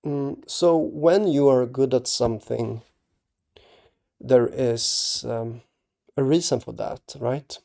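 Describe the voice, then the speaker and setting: This is a man speaking to camera on his own channel. His delivery is slow and hesitant, full of restarts and tag questions. His voice is mellow and dark, with a gravelly fry underneath. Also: mid-range voice, fairly even intonation. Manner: halting, earnest, with many restarts and tag questions. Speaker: artist and channel host. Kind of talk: casual talk to camera.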